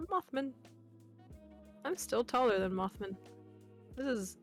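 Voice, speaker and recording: A woman's voice: mid-range voice, moderate pace, gravelly, pauses often, soft background music. A woman chatting playfully as a guest streamer, giggling often and making goofy noises. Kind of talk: casual stream chat.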